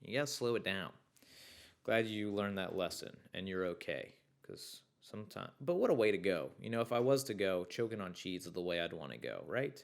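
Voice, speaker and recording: A young man hosting a podcast in a casual, chatty way, reading listener stories aloud and riffing on them with excitable, swear-laden enthusiasm. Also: deep voice, moderate pace. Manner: excitable, swears freely, riffs loudly on stories. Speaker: podcast host.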